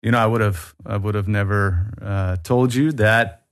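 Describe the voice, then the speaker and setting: A man in his forties with a Southern US accent, a guest chatting in an easygoing, friendly way with frequent pauses. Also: fairly low pitch, fairly even intonation. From Alabama, US South. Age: 40s. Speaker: guest expert on tourism. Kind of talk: casual conversation.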